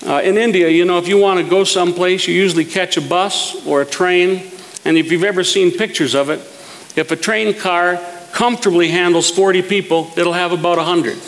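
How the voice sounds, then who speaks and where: High gravelly-voiced preacher in a hall. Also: male voice, fairly even intonation, fairly quick, a bit bright. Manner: folksy storytelling, chuckles at his own jokes. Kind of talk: sermon with humorous stories.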